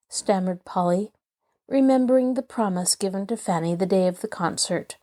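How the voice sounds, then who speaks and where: Mellow woman narrating a classic novel. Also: medium pitch, normal speed. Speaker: host and audiobook narrator. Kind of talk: scripted narration.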